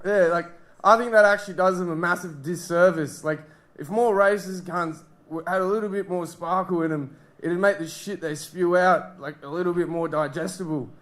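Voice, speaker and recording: A young Australian man doing stand-up with a high-pitched voice that rambles crudely and breaks into laughter at his own lines. He is heard from a little way off the mic. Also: fairly even intonation, normal speed, a bit bright. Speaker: stand-up comedian. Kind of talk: stand-up comedy set. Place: live comedy club stage.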